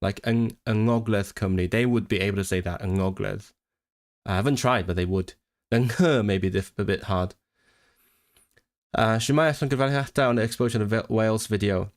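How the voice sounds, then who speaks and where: A man's voice: lowish voice, moderate pace. A man, a Cantonese speaker, chatting casually on a livestream, talking in bursts with many restarts. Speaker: language streamer.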